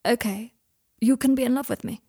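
A woman voicing a proud, anxious young man who is sharp-tongued and defensive, with fierce, high-strung outbursts. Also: brisk, slightly rough, no room sound, clean studio sound. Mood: guarded.

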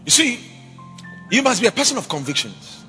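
A man preaches in a lively, emphatic style, his voice bright and fairly high for a man. His delivery swings between loud exhortation and quiet asides. The sound carries a long church-hall reverb with faint music underneath. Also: a little fast. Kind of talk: sermon.

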